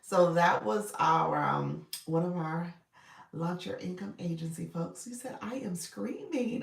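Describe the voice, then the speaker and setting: A woman's voice: on the low side, unhurried, creaky, reverberant, distant mic. A woman coaching viewers on a casual livestream, upbeat and chatty, greeting people by name.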